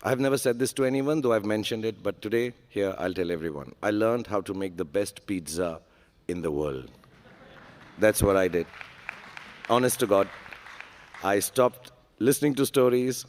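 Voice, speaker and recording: A man's voice: lowish voice, normal speed, pauses often, a little mellow, some chatter behind, a little hiss or hum. A man, a guest speaking candidly on a large conference stage, earnest and self-deprecating with frequent fillers. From India.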